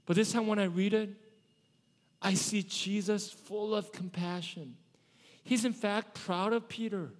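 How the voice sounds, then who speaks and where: High-voiced pastor preaching in a reverberant hall. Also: male voice, fairly even intonation, measured pace. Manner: conversational, asks the congregation questions. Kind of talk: sermon. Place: church sanctuary. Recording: long church hall reverb.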